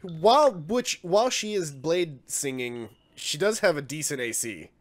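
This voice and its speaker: A man's voice: a little high, expressive, unhurried. A man running a tabletop game as dungeon master, joking around and laughing often.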